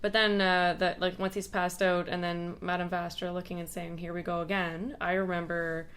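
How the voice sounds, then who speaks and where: A woman's voice: lowish voice, flat delivery, normal speed, a bit bright. A woman, a guest on a podcast, chatting casually as the resident show expert with a rambling flow full of fillers.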